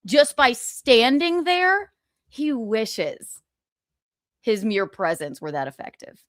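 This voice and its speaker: A woman's voice: a little high, very animated, slow, dry recording. Woman in her thirties, stream host; raised voice, sarcastic and salty, close dry sound. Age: 30s. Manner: sarcastic, profane, laughing asides. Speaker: livestream host. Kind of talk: casual gossip commentary.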